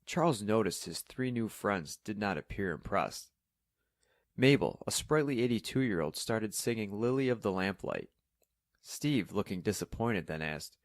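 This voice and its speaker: Brief: calm male narrator, low voice, dry close sound, steady storybook delivery. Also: a little slow, no echo. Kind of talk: scripted audiobook narration.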